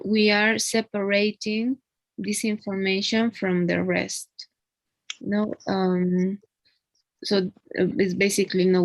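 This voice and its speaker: A woman teaches English grammar one on one, taking her time over each point. Her voice has a gravelly fry, and the recording is close and dry. She explains patiently and keeps checking in with a tag question. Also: mid-range voice, dry recording, low-quality recording. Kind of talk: one-on-one online English lesson.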